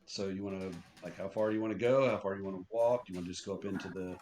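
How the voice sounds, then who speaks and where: A man acting as game master, narrating scenes and asking the players what they want to do, in a relaxed way. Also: low-pitched, racing, a little hiss or hum. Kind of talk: running a tabletop game.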